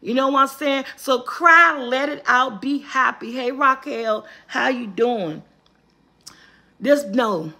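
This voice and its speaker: A woman hosts a live morning check-in, talking straight to her viewers like a pep talk. Her voice sits high and bright. She chats in loose Southern vernacular and greets people by name between encouragements. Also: slow.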